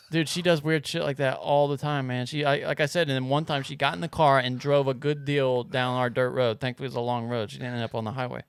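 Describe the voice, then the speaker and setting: A man's voice: medium pitch, steady tone, fast talker, few pauses, smooth, no echo. A man co-hosting a podcast in loose casual chat, swearing freely and reading news stories aloud. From grew up on a farm. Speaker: podcast co-host.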